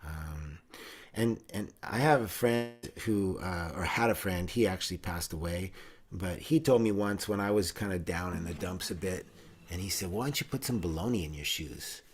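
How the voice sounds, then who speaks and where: The host is a middle-aged man with a deep voice speaking at normal speed. He rambles warmly through a casual chat, full of fillers and restarts, and now and then starts singing.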